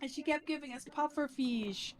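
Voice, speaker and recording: A woman streaming a block-building game in casual chat, giggly and excitable, with squeals when she is delighted. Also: high voice, moderate pace.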